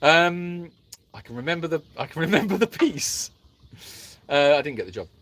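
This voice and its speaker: A man's voice: a little high, lively intonation, moderate pace, a bit bright. A middle-aged man co-hosting a live Q and A stream in a jokey, teasing way, trying out mock accents for fun. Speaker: co-host of a live animal sanctuary stream. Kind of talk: playful live Q and A chat.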